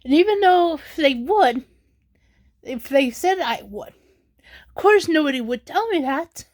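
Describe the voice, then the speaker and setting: Tearful woman talking slowly in a high voice. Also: lively intonation, a little mellow. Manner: halting, apologetic, with sighs and restarts. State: crying, tearful. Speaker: vlogger. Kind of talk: emotional personal vlog.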